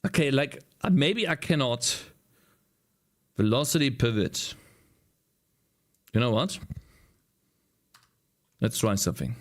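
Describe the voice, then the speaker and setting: While developing a game, a man talks to himself on a casual livestream, his animated, medium-pitched voice strained from screaming. He's frustrated and swearing, speaking slowly with long pauses as he comments on his code.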